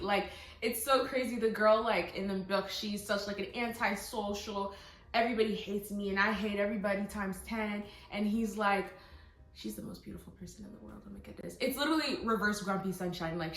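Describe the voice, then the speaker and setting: A young woman vlogger reviewing books in casual, excited chat, full of fillers and quoted asides. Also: mid-range voice. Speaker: book vlogger. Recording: echoey room, faint music.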